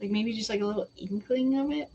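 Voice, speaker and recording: A woman's voice: on the high side, quick pace, mellow, slightly rough, dull audio. A young woman giving psychic readings on a live stream, chatty and giggly, often quoting spirits in a casual voice. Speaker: psychic reader.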